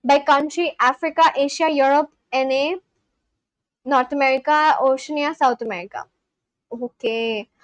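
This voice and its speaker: High-voiced gushing young woman streamer. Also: normal speed, dry recording, dull audio. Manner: gushing, exclaiming often. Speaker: livestreamer. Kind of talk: casual livestream chat.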